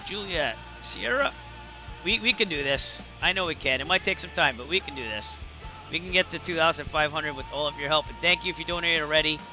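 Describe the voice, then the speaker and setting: A man live-streaming flight sim commentary, excitable, effusive and grateful, chatting and thinking aloud as he sets things up. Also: high voice.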